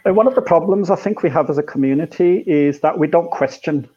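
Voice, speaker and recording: An animated man explains his ideas in a reflective conversation, piling up rhetorical questions and tag questions. His voice sits slightly high for a man. The recording is dull and lo-fi. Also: fairly quick. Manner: animated, rhetorical, frequent "right?" and "you know". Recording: dull lo-fi sound.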